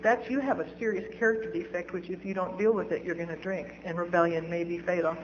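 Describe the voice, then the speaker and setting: A woman's voice: lowish voice, steady tone, quick pace, muffled recording, a little hiss or hum. A woman speaking at a recovery meeting, telling her own story candidly and laughing at herself. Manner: candid, self-mocking, laughs at own stories. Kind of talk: personal storytelling talk.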